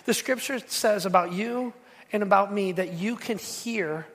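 A man's voice: sits high, a little slow, a bit bright. A man preaching a sermon to his congregation, telling stories with emphatic, repetitive phrasing. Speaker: pastor.

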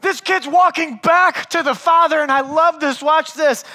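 High-voiced, forceful preaching man. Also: normal speed. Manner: conversational, animated preaching that swings between loud and hushed; calls listeners "man". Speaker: pastor. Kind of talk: sermon.

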